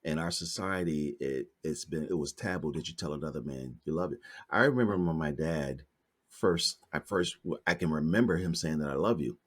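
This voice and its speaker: Deep, husky-voiced male podcast host. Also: moderate pace. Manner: relaxed, candid, shares his own anecdotes. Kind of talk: casual conversation.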